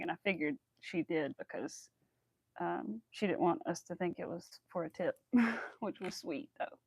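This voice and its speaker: A woman's voice: lowish voice, moderate pace, vocal fry, no echo, rough recording. A woman hosting a crochet livestream, chatting casually and rambling while she works. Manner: chatty, bubbly, rambling with many likes and ums.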